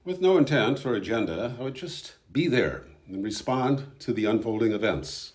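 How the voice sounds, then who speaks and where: A man narrating his own documentary in a voice-over, calm, reflective and somber. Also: mid-range voice, moderate pace.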